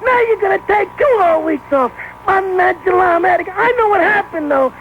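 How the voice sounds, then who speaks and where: A man calling a radio show, doing a loud, wailing comic bit in an exaggerated put-on voice. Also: very high-pitched, animated, a little fast, slight background noise. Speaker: caller. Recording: muffled phone-in call on old radio.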